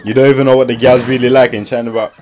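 A young man talks over a clip he is watching. He teases the people on screen in a loose, slangy stream, steady and mid-pitched. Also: racing, a crowd in the background. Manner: slangy, teasing running commentary. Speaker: YouTube reactor. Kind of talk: reaction video commentary.

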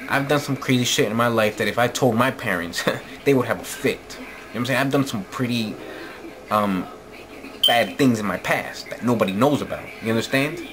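A man's voice: mid-range voice, moderate pace. A man from New Jersey ranting angrily and profanely into the camera late at night, often repeating "you know what I'm saying.". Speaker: vlogger. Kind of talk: late-night opinion rant.

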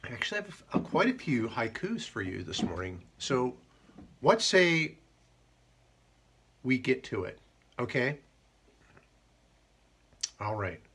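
A man hosting a live haiku show, chatting casually and joking, and reading poems slowly. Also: on the low side, creaky, bright, forceful tone, husky. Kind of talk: casual live-stream chat.

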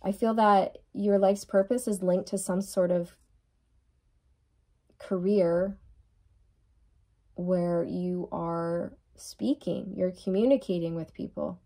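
A woman's voice: lowish voice, fairly even intonation, slow pace, pauses often, warm tone. A woman giving a channeled tarot reading who speaks reassuringly and repeats words for emphasis. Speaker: tarot reader.

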